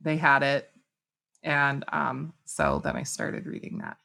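A middle-aged woman telling personal stories in conversation, lively, acting out what people said. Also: rumbling low, slow pace, creaky. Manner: animated, acts out quoted speech. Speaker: guest author. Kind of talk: conversational storytelling.

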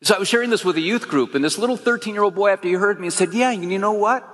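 A man's voice: high-pitched, expressive, very fast, a bit bright, big-room sound. A man preaching, telling his own story with earnest, emphatic rising phrases. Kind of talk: sermon testimony.

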